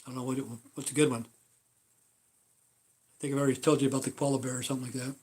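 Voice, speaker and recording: A man's voice: mid-range voice, little pitch movement, rapid-fire, darkish tone, husky. Rambling, swearing man on a livestream. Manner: rambling and profane, many fillers. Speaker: livestream host. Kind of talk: casual livestream chat.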